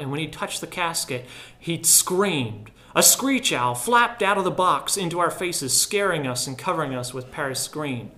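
A man reads a literary story aloud in a somewhat higher-pitched voice. His delivery is measured and reflective, and he turns softer on the solemn passages. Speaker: audiobook narrator.

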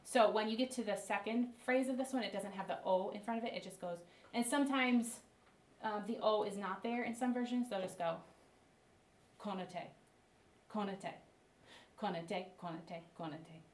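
A woman's voice: a little high, a little fast. A woman teaching a workshop group, chanting rhythmic phrases and showing the motions. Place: classroom with participants. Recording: echoey room, mic from far off, loud noise.

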